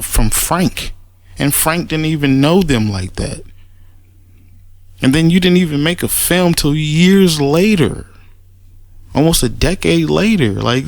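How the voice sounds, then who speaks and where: A man with a gravelly, fry-edged voice rants in a casual response video, blunt and heavy on profanity. He restarts and repeats words when he gets worked up, and his delivery sounds dismissive throughout. The recording is dry and close, with no room sound. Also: on the high side, dry recording. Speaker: commentator making a response video. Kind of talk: casual spoken rant.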